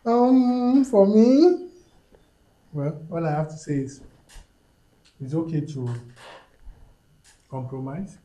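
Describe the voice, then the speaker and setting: A man's voice: on the high side, slow, pauses often, mellow, lo-fi sound. A man with a Nigerian accent, a guest on a casual podcast discussion, talking emphatically, repeating himself and slipping into pidgin phrases. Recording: roomy echo.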